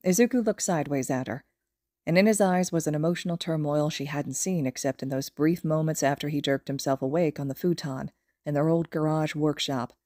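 A woman narrating a fan fiction audiobook in a steady, even storytelling manner. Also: low-pitched, a little fast, no room sound, clean studio sound. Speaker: podfic reader.

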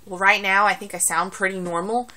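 A woman's voice: medium pitch, fairly quick. A young woman with a Southern US accent, chatting and joking through an accent-challenge vlog into a phone. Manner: chatty, joking, animated outbursts. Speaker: vlogger.

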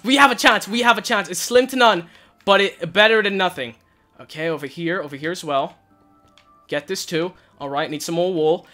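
Young man, high bright voice, jittery gameplay commentary, headset mic. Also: normal speed, faint music behind. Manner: nervous, shouts and cries out in panic. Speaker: gaming channel host. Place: hot room at home.

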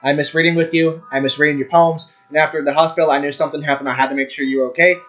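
Reading a visual novel out loud, this young gaming YouTuber rushes along, tripping on names and cursing and chuckling at his own mistakes. His voice is a little high and a bit bright, with little pitch movement, over background game music.

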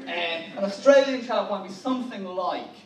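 Wry Irish comedian in an echoey hall. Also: male voice, high voice, expressive, a little fast. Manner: wry, rambling, self-correcting. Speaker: stand-up comedian. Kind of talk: stand-up comedy set. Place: large hotel conference hall. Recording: echoey hall, distant mic, noisy.

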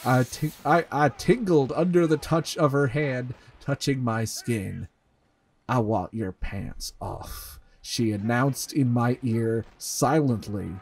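A man with an English accent hosts a comedic reading of fan fiction, often laughing and stumbling through halting asides. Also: medium pitch, darkish tone, husky. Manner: breaks into laughter, halting asides full of fillers. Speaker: host reading a fanfic aloud. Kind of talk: comedic dramatic reading with commentary.

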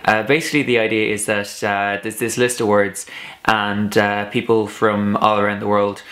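A young man from Ireland with a soft, slightly Americanized Irish accent, chatting casually on his vlog with lots of uhs and ums. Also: fairly low pitch, little pitch movement, normal speed. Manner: rambling, many filler uhs and ums. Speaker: vlogger. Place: home room, dog snoring behind.

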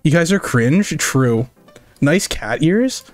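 A man's voice: on the high side, animated, takes it slowly, soft background music. A young man streaming as a digital artist, chatting casually and profanely, reading his chat aloud and firing jokes back.

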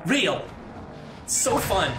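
Cursing gamer, roomy and off-mic. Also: male voice, sits high, sing-song, drawn-out words, far from the mic, over music. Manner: swings between muttering to himself and profane raging outbursts. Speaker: gaming streamer. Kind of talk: live gameplay commentary. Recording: roomy, off-mic, loud game gunfire behind. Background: loud game gunfire and explosions.

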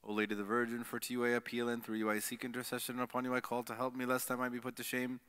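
Male liturgy leader, bright clear tone, steady recited cadence. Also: mid-range voice, very fast, few pauses. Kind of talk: liturgical prayer reading.

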